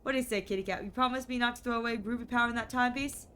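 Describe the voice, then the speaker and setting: Lady doing a groovy smooth-talking hipster dude, laid back, repeats stuff. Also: fairly high pitch, racing, fairly bright tone, a little hiss or hum, lightly acted. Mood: coaxing.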